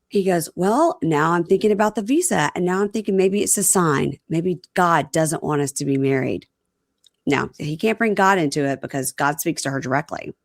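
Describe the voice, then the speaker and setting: Lower-voiced woman, animated recapping. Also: normal speed, dry recording, clean studio sound. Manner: animated retelling, acting out quotes. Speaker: podcast co-host recapping reality TV. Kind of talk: casual chat.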